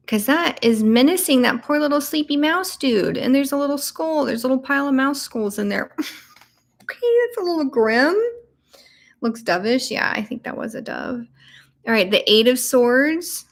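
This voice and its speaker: A young woman hosting a live tarot flip-through, chatting warmly with viewers and gushing over each card. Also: fairly high pitch, gravelly. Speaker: tarot channel host.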